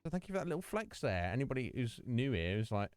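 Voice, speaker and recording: A man's voice: medium pitch, sing-song, fast talker, dry recording, clean studio sound, faint music behind. A man hosting his game live stream, chatting in a rambling way and laughing often. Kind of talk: casual live-stream chat.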